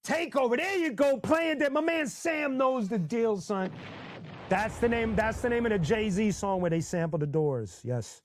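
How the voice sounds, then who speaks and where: A man's voice: sits high, unhurried, slight background noise. A man hosting a casual live stream, chatting loosely and telling stories, breaking into sung snippets and laughter. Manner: animated storyteller who sings snippets and laughs often. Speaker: host.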